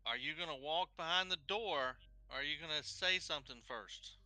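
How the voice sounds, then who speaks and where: A male game master narrates a tense scene in a bright, sharp voice, describing the room casually with frequent fillers. Faint music plays under his voice. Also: a little high, normal speed.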